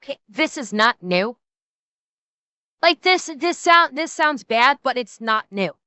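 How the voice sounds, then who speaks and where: Woman streamer, high clear voice, blunt and profane, dry close mic. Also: lively intonation, measured pace, bright, forceful tone, no room sound. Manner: blunt, profane, restarts often. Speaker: streamer reacting to a video. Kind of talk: casual reaction commentary.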